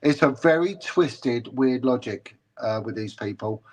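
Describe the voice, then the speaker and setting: Halting, hesitant man. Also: mid-range voice. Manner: halting, with many restarts and repeated words. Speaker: former policeman, guest. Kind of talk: casual interview talk.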